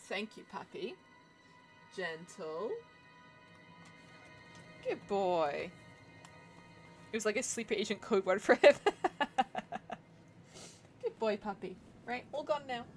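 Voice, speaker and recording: A woman talks loosely and cheerfully into her desk mic while she plays through a game on stream. She muses aloud and giggles easily, her pitch sitting in an ordinary middle range. Soft game music hums faintly behind her. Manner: chatty and giggly, musing aloud. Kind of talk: casual live-stream chat while gaming.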